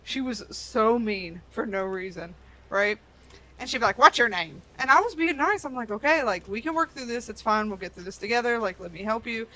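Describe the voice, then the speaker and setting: A woman's voice: fairly high pitch, lively intonation, a little fast, bright, forceful tone, low-quality recording. A woman in her thirties chatting casually, telling stories with acted-out quotes. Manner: storytelling with acted quotes, laughs often. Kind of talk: casual chat.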